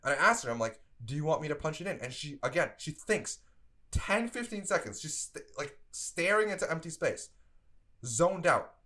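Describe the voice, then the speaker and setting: A young man casually telling a story about his old fast-food job, animated and exasperated, with lots of "like". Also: fairly high pitch. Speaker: streamer telling work stories.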